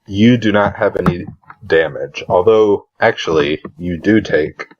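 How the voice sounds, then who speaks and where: A man running a tabletop game as dungeon master, halting with many pauses and throat clears. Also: sits low. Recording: dull lo-fi sound.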